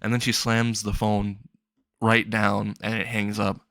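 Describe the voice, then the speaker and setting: A man casually narrating an improvised fan-fiction story, rambling and excitable, swearing freely and briefly voicing the characters. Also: lowish voice, measured pace, gravelly, dry recording.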